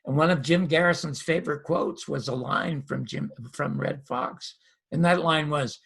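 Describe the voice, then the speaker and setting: A gravelly, husky older man spins a story for an interviewer, acting out every exchange. His voice sits a little high for a man. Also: normal speed. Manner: lively anecdotal storyteller, acts out dialogue. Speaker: guest, former TV host and comedian.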